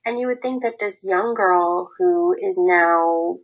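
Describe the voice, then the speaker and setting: Low husky woman ranting bluntly. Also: slow pace, dull audio. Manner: blunt, swears freely, exasperated ranting. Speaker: podcast co-host. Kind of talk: casual chat, book recap.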